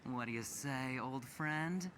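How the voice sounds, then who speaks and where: A man's voice: medium pitch, takes it slowly, fairly bright tone, slight background noise. An actor playing a smug, teasing young male corporate gambler in a game. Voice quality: teasing, self-assured.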